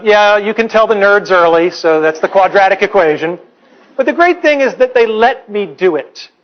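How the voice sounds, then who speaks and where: A man in his forties, a professor giving a humorous public lecture, telling stories in a wry, playful, earnest way. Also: high voice. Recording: slightly dull lecture recording.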